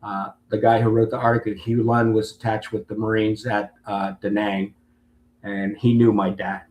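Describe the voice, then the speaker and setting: A man's voice: on the low side, flat delivery, normal speed, darkish tone. A man in his late fifties, a Marine veteran and interview guest, telling a long story and acting out other people's lines. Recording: roomy with faint background hum.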